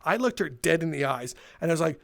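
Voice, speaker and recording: A young man hosting a gaming video, casually telling a retail story in an animated way, laughing and swearing. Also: fairly high pitch, quick pace, vocal fry. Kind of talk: casual storytelling over gameplay.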